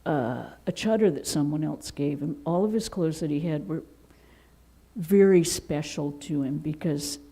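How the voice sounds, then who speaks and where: A woman from Seattle who is a nun, telling lively anecdotes in an interview and acting out quotes. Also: low-pitched, measured pace, breathy edge, poor audio. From Seattle, United States. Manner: animated, with laughter and acted-out quotes. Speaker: Vedanta nun.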